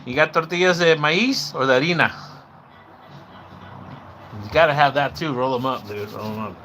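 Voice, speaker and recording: A man hosting a loose, rambling livestream and chatting straight to his viewers. His voice is bright and forceful, and he mixes Spanish words into his talk. Now and then he breaks into excited whoops. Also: medium pitch, normal speed, a little hiss or hum. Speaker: livestream host. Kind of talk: casual livestream chat with viewers.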